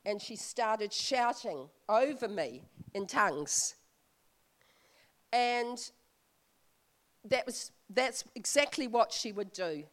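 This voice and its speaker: A woman preaching as a visiting speaker, telling a personal story in a slow, heartfelt way. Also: medium pitch. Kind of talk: sermon.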